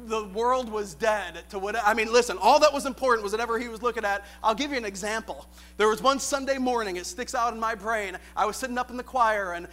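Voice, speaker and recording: A man who is a youth pastor, preaching a sermon with animated delivery, moving from shouted questions to quiet, joking storytelling. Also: very high-pitched.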